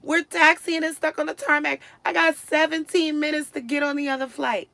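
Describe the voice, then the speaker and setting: A woman live-streaming, casually telling a story to her viewers. She is animated, dropping to low mutters and then rising to loud, exasperated outbursts. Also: normal speed, gravelly, dry recording.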